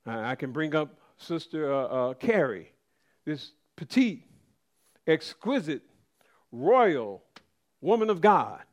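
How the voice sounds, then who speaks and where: A man's voice: a little high, very animated, slow pace, pauses often. A middle-aged man preaching a conversational sermon, calling out to the congregation.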